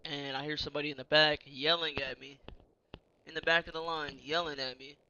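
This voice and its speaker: A young man casually telling an army story to a friend, animated, with many fillers, acting out the shouted quotes. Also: fairly high pitch, a little fast, dull audio.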